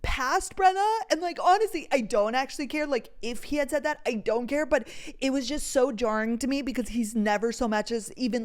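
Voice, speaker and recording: A young woman hosting a casual chat show, telling a story in an animated way, full of "like" fillers and swearing. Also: on the high side, a little fast. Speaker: podcast host.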